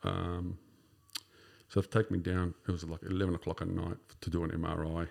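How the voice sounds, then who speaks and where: Gravelly deep-voiced Australian man in his fifties. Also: flat delivery, brisk, a little mellow. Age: 50s. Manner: rambling, full of "sort of" and "you know" fillers. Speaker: podcast guest. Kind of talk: casual conversational storytelling.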